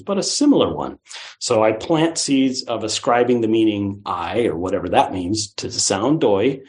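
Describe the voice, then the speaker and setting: A man giving a Buddhist dharma talk in a conversational, animated way, with playful swoops of the voice. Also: mid-range voice. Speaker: Buddhist teacher.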